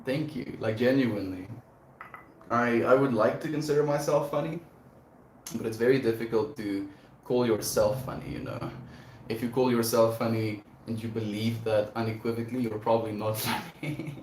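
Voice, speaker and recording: A man's voice: mid-range voice, steady tone, moderate pace, darkish tone, slight background noise. A man hosting a livestream, chatting casually and affectionately with viewers in a laid-back way. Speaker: livestream host. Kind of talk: casual chat reading viewer messages. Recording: echoey room.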